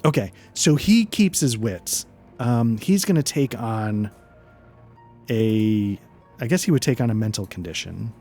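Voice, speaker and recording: A man narrating as game master, relaxed and hesitant, with frequent fillers. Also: on the low side, a little slow, faint music behind.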